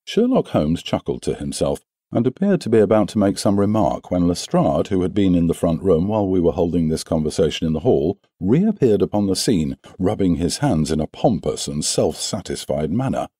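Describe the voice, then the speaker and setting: A man reading a classic detective novel as an audiobook narrator, in a measured, expressive way. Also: low-pitched, breathy edge, dry recording, clean studio sound. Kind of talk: scripted narration.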